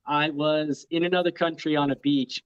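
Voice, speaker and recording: A man's voice: on the high side, steady tone, normal speed, clean tone, no echo, muffled recording. A man telling funny stories as a guest in a casual chat. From Canada. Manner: jokey storyteller, dry humor.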